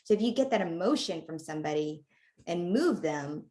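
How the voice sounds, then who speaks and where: A woman's voice: fairly low pitch, expressive, fairly quick. A woman hosting a podcast interview, chatting casually and affirming her guest often. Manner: warmly affirming, frequent yeahs and rights. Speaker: podcast host.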